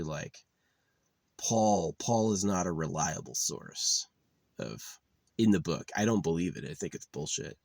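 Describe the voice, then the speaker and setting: A man's voice: low-pitched, gravelly, no room sound. A man ranting profanely in a casual monologue, exasperated and mocking the people he argues with. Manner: profane, exasperated, mocks others in put-on voices. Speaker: vlogger.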